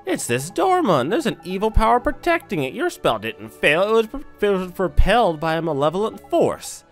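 A brash little fairy with a lilt squawks and scolds, his voice leaping high and pushed loud. The pitch jumps wildly. Faint game music plays underneath. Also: huge pitch swings, normal speed, heavily acted. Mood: alarmed. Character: excitable little male fairy with a lantern nose. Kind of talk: let's play voicing game dialogue.

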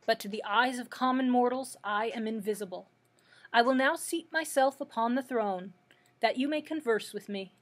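A woman's voice: fairly high pitch, normal speed, close to an everyday voice. A woman voicing a timid little old man who pretends to be a great wizard, speaking meekly and trembling. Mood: booming. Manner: trembling, pleading, meek. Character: blustering little old male humbug wizard.

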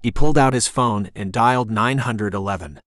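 A man's voice: fairly low pitch, moderate pace, a bit bright, no echo, clean studio sound. Dramatic male audiobook narrator. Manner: tense, dramatic storytelling. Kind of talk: scripted narration.

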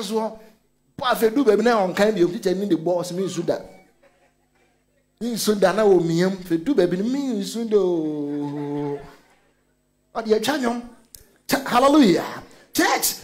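A Ghanaian man preaching a sermon, switching between Twi and English and telling animated stories with frequent calls of hallelujah. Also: very high voice. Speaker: pastor.

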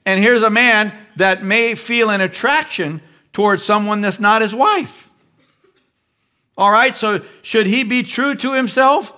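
A man preaching a live sermon as pastor, animated and acting out little voices as he goes. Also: sits high, unhurried. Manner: animated, acts out voices of the flesh and believers. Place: large church.

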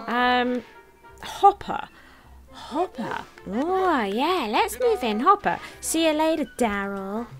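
A woman giving chatty, excitable commentary while playing a cozy video game, gasping and giggling as she explores. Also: sits high. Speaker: game streamer. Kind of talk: let's play commentary.

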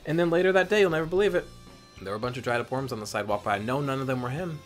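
A man's voice: medium pitch, very animated, fast, faint music behind. Rambling, profane man playing a game. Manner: rambling, profane, playful, self-mocking. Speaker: let's play host. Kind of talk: casual gameplay commentary.

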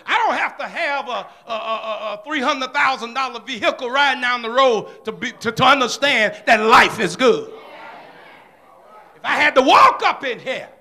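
A man preaching a fervent sermon in a church service, swinging from shouted lines down to hushed ones and calling out "come on" and "amen" between phrases. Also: extremely high pitch, expressive, normal speed.

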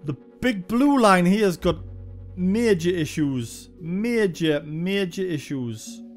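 High-voiced man commentating a game. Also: expressive, slow pace, faint music behind. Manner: sweary, thinking aloud, rambling. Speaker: game reviewer. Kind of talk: casual gameplay commentary.

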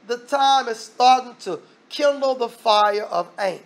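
High-voiced preacher man, keeps repeating himself for emphasis, reads scripture then riffs on it. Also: measured pace, hardly any pauses. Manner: emphatic, repetitive, reads scripture aloud with asides. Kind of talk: sermon.

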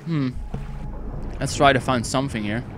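An eighteen-year-old man with a Dutch accent doing let's play commentary, excitable and rambling, swearing a lot. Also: medium pitch, normal speed, music in the background. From Netherlands. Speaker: gaming YouTuber.

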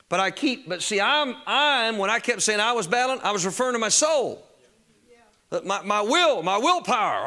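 Delivering his sermon straight to the congregation, this pastor speaks quickly in a high-sitting voice with lively intonation. He's emphatic and conversational, shouting out the key phrases.

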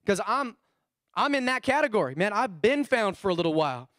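A male pastor preaching a sermon to his congregation, lively and conversational, with call-and-response. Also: high voice, a little fast, no room sound, studio quality. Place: church sanctuary.

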